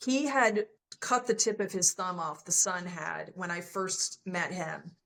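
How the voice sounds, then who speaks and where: A woman's voice: on the low side, measured pace, vocal fry, fairly bright tone. A woman sharing a personal love story as a podcast guest, candid and emotional, often quoting what others said to her.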